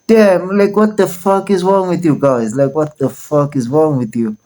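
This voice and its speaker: A woman's voice: low-pitched, steady tone, normal speed, dark tone. A woman giving exasperated, profane reaction commentary, repeating herself as she rants. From South Africa. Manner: exasperated, repetitive, swearing.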